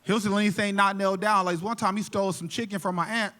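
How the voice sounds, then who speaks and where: A man's voice: high voice, steady tone, fast talker, bright, forceful tone. A man doing a stand-up comedy set on a theater stage into a handheld mic, telling casual profane stories and laughing often between punchlines. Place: theater stage before a live audience.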